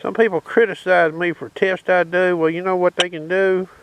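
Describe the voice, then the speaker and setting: A man's voice: high-pitched, level tone, normal speed. A man with a Southern US accent giving a folksy outdoor metal detector demonstration, often calling his viewers boys and checking in with "okay?". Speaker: metal detecting channel host. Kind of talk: casual demonstration talk. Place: outdoors at a dig site. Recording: loud outdoor background noise. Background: detector tones and noise.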